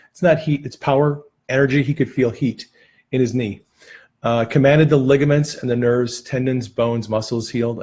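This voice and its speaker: A man teaching about healing prayer through relaxed personal stories, with frequent pauses and restarts. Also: mid-range voice, slightly rough.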